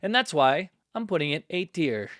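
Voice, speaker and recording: A man's voice: a little high, sing-song, normal speed, a bit bright, no room sound. A man hosting a casual music-production tutorial, chatty and self-mocking, talking close to the mic. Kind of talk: casual tutorial, ranking plug-ins. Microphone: close studio mic.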